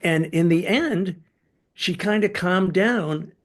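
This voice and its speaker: An older man, a podcast guest, telling personal stories in a casual interview, with sudden leaps in pitch and loudness as he gets into them. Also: takes it slowly. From United States. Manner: animated storyteller, sudden jumps in pitch and loudness.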